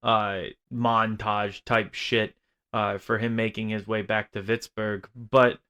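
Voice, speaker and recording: A man's voice: fairly low pitch, level tone, slow, pushed and bright, smooth. A man co-hosting a casual film review chat, rambling and swearing freely as he airs his gripes. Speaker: film podcast co-host.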